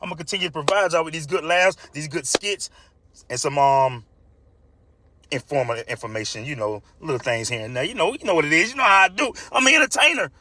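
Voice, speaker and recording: A man's voice: on the high side, fast, background noise. A man casually telling a pack of jokes, hyped and chatty, laughing at his own punchlines.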